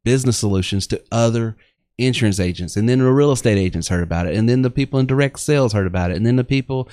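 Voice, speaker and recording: A man's voice: mid-range voice, fast, darkish tone, dry recording, clean studio sound. A man with a Southern accent hosting a live online business show, chatting casually and rambling with lots of fillers and restarts. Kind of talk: casual live-stream chat with pitches.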